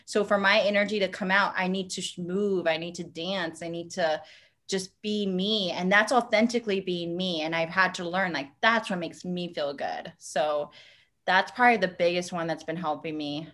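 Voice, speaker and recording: A woman in her thirties co-hosting a casual chat, an animated storyteller who laughs often and acts out quotes with big jumps in pitch. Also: moderate pace. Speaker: podcast co-host.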